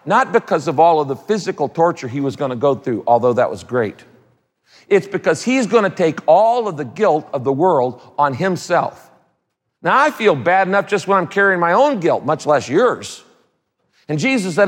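A pastor with a fairly high male voice preaches in a sing-song manner at a moderate pace, using emphatic, repeated phrases and casual asides. A long reverb tail from a large church hall rings through his sermon.

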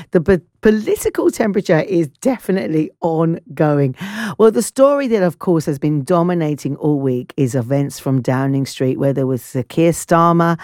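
A woman's voice: on the low side, mellow, dry recording, studio quality. A woman hosting a live talk radio news discussion, conversational and asking probing questions. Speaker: radio show host.

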